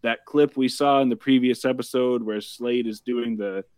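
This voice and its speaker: A man hosting a casual podcast, recapping a TV episode in a wry, deadpan way. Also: mid-range voice, normal speed, clear, resonant tone, dry recording, clean studio sound. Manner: wry, deadpan summarizing with profanity.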